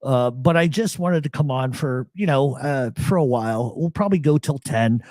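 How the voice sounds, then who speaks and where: A man's voice: mid-range voice, moderate pace, dry recording, clean studio sound. A man hosting a live show, chatting casually and swearing freely as he tells stories. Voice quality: profane, animated storyteller. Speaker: podcast host. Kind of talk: casual live-stream chat.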